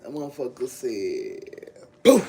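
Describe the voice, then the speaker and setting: Slow-talking woman chatting on a livestream. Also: extremely low pitch, gravelly, slight background noise, poor audio. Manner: animated storytelling with frequent laughter. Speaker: livestream host. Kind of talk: casual livestream chat.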